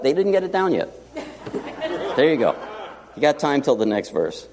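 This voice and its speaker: A man preaching a sermon as pastor, lively and conversational, with quick asides to the congregation. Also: fairly low pitch. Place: church sanctuary. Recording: long reverb of a church hall.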